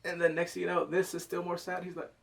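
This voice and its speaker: A man with a fairly high voice talks through a TV episode in loose, slangy chat. He gets animated, swears freely and jumps into little reenactments of the scenes. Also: quick pace, vocal fry. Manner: swears casually, slangy and emotional. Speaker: TV show reviewer. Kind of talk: casual episode review.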